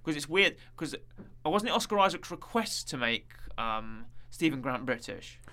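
A man with a bright, somewhat high voice co-hosts a casual chat. He rambles and jokes, dropping in plenty of fillers and restarts. The tone is relaxed and playful. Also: normal speed. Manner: rambling, jokey, many fillers. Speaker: podcast co-host.

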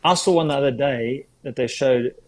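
Enthusiastic rugby coach chatting as a guest. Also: male voice, mid-range voice, moderate pace, a loud crowd, low-quality recording. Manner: enthusiastic, laughs often. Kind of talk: casual interview chat.

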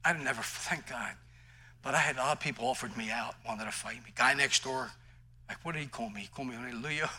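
Bright-toned, fervent male preacher. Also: mid-range voice, fast, husky, poor audio. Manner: emphatic, conversational preaching with personal stories. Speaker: pastor. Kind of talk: sermon.

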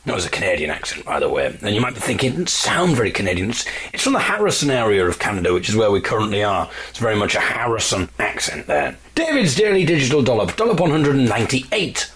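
A man with an English accent recording a spoken audio diary in a hotel room, storytelling wryly and deadpan with mock-dramatic emphasis. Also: fairly low pitch, quick pace. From England. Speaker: folk musician and audio diarist. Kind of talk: casual spoken diary with dry humour.

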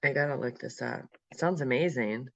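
A podcast host asking quick, playful questions in a casual chat, curious and swearing freely. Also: medium pitch, creaky, no room sound.

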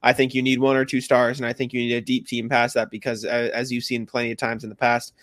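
A man's voice: medium pitch, level tone, quick pace, fairly bright tone, no room sound. Chatty man talking sports, dry sound. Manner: chatty, laughs often, hedging fillers. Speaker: podcast co-host. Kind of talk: casual sports chat.

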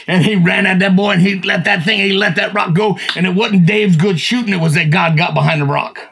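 An older man telling Bible stories in a folksy, animated, casual chat as a podcast co-host. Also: high-pitched, a little fast, gravelly, slightly rough. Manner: folksy, animated, acts out voices.

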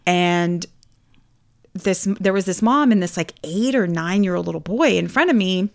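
A woman, co-hosting a podcast. Her voice has a gravelly, fry-touched edge, and she tells her stories lively, acting out the people in them. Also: fairly low pitch, normal speed. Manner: storytelling, mimics other people in her anecdotes. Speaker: podcast co-host. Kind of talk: casual chat.

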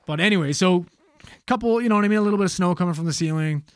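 Animated, profane male storyteller. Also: high-pitched, smooth, no echo, studio quality. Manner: animated, swears freely, fast retelling. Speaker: podcast co-host telling a story.

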